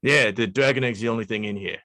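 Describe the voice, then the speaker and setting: A man narrating as dungeon master, relaxed and amused, with frequent hesitations. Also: on the low side, quick pace, dry recording, studio quality. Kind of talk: narrating a tabletop game.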